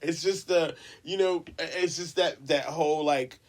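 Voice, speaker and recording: A man hosting a podcast interview who talks in a halting way, full of fillers. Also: on the high side. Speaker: podcast host. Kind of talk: casual interview chat.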